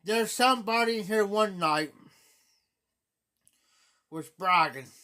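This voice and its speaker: Slow-talking high-voiced man with an Ohio accent. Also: bright, forceful tone. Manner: rambling, repeats himself, clears throat often. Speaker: livestream host. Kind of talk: casual storytelling chat. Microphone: phone or webcam on a live stream.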